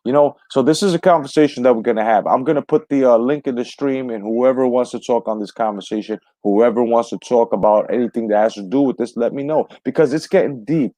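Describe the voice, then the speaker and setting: A man with a mid-range, dark-toned voice hosts a live stream from the United States, recorded with no echo. He rants heatedly with heavy profanity while greeting viewers in the chat.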